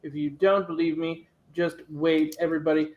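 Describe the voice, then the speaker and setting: A man hosts a comedy night in a loose, rambling way. His voice sits a little high. He stumbles through introductions with fillers and restarts. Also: level tone, moderate pace, a little mellow, highs cut off. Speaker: comedy show host. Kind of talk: casual live comedy show hosting.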